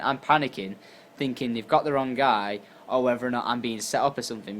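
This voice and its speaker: Tired young man telling a story. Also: slight background noise. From England. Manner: animated, acts out quotes with jumps in pitch and volume. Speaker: YouTuber. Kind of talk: casual storytelling to camera.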